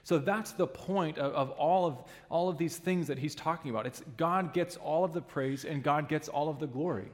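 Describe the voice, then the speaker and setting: A man's voice: a little high, moderate pace, few pauses, long reverb tail. A man preaching a sermon in a church, earnest and emphatic, sometimes restarting a phrase.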